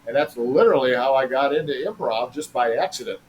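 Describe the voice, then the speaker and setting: A man telling a relaxed anecdote as an interview guest, quoting what other people said. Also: medium pitch, brisk, lo-fi sound, a little hiss or hum. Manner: relaxed anecdote-teller who quotes others. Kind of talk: casual storytelling.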